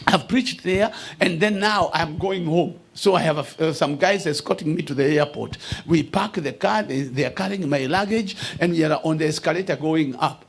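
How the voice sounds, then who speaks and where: A man preaching a sermon as a bishop. He builds to shouted declarations and often repeats and restarts his words. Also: on the high side, moderate pace, creaky, few pauses, husky.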